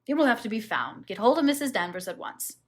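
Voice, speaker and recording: A woman's voice: on the high side, sing-song. A woman reading as a brusque, impatient husband. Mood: brisk. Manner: curt, brisk and exasperated.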